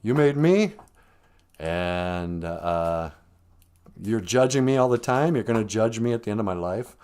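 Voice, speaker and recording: A man's voice: lowish voice, animated, measured pace, a little mellow. A man delivering a rambling, sardonic comic monologue on a live stream. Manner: sardonic, rambling, with mocking put-on voices.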